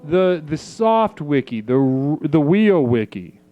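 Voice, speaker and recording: A man's voice: on the high side, sing-song, slow, mellow, faint music behind. Male host gushing over a caller, stammers a lot, muffled lo-fi audio. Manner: fawning, stammering, eager. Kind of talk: comedic call-in chat.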